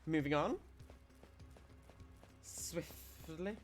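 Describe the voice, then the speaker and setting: A man gives casual commentary while he plays a game. His voice is a little high, he often restarts his sentences as he explains tactics, and faint game music runs underneath. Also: very slow. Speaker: streamer.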